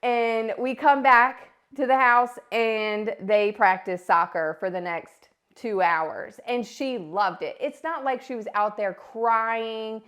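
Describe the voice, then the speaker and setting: Brief: woman in her thirties, podcast host, casual animated storytelling, slightly high voice. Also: slow pace, few pauses. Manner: animated, acts out quoted voices.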